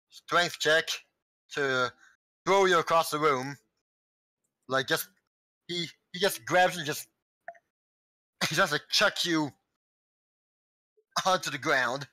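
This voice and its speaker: Brief: a slow, bright-voiced game master who stumbles and restarts, recorded dry and close. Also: male voice, on the high side, dry recording, low-quality recording. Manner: halting, many restarts, chuckling between lines. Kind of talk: narrating a tabletop game.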